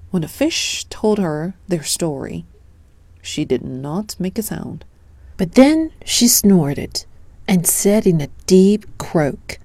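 A woman reading a children's picture book aloud in an expressive storytelling manner. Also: fairly low pitch, dry recording. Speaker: storybook reader.

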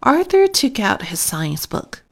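A woman reading a children's storybook aloud in an expressive, careful way. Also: medium pitch, a little slow, gravelly. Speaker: storybook narrator.

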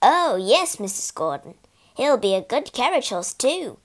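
A woman voicing a kind, steady male groom in a storybook, speaking earnestly and encouragingly. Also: fairly high pitch, a little slow. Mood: praising. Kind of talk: storybook reading.

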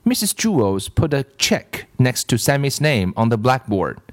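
Male storybook reader; slow, animated delivery. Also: medium pitch, no room sound, clean studio sound. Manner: slow, expressive read-aloud. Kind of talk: reading a children's book aloud.

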